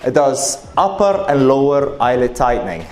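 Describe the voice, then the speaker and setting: A man's voice: medium pitch, big pitch swings, normal speed, a little mellow, faint music behind. A man with an Italian accent giving a chatty, joking presentation at a conference, with many fillers and restarts. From Italy. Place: conference hall.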